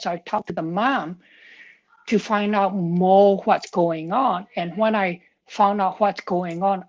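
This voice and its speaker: A woman pharmacist talking on a live stream, telling a story in an earnest, heartfelt way and sounding tired. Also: mid-range voice.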